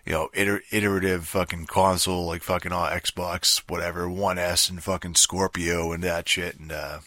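A man's voice: low-pitched, level tone, normal speed, pushed and bright, no room sound. A man giving a rambling, sarcastic rant about video games, swearing in nearly every sentence and full of fillers. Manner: sarcastic, mocking. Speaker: gaming commentator. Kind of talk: casual ranting monologue.

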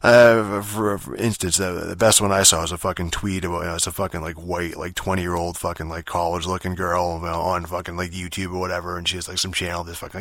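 A man's voice: sits low, steady tone, a little fast, a bit bright, no echo. A man hosting his own podcast, rambling through a casual rant that is full of swearing, fillers and restarts. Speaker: podcast host.

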